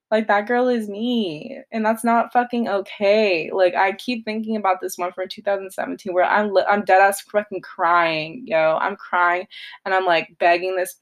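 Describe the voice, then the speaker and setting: A young woman hosting a solo podcast, talking in a blunt, confessional way with a lot of swearing. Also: medium pitch. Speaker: podcast host. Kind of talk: casual solo podcast monologue.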